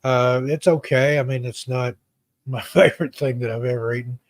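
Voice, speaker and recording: A man's voice: medium pitch, fairly even intonation, normal speed, dry recording. An American man chatting casually as a guest, telling long rambling travel stories and often stumbling over his first words. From United States. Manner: rambling storyteller, stammers on restarts. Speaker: guest author and YouTuber. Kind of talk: casual chat.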